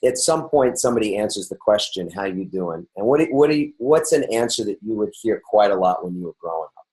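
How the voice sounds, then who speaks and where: Middle-aged guy from new york hosting a podcast, upbeat, rambles, kinda low voice. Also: animated, a little fast, darkish tone, low-quality recording. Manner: upbeat, rambling with many restarts and fillers. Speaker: podcast host. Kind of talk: casual interview chat.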